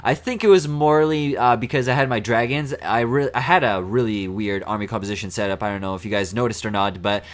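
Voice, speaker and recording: A young man with a hoarse, raspy voice today, chatting casually through gameplay commentary into a desk microphone, laughing often between filler words. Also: on the low side, quick pace, few pauses. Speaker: gaming commentator.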